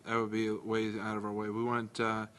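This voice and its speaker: A man co-hosting a casual podcast chat, dry and hesitant, pausing with many fillers. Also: on the low side, completely flat delivery, fairly bright tone, a little hiss or hum. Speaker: podcast co-host.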